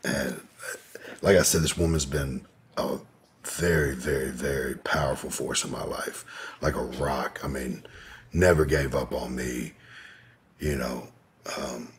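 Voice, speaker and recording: A man's voice: rumbling low, a bit bright, husky. A man telling a personal story in an interview, in a laid-back, rambling way, with lots of "you know". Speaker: podcast guest.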